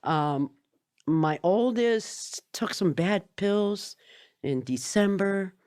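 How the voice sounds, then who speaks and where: A woman's voice: medium pitch, animated, extremely slow, darkish tone. A middle-aged woman, a podcast guest, telling her story in a candid, blunt and profane conversational way. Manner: blunt and profane, speaks openly.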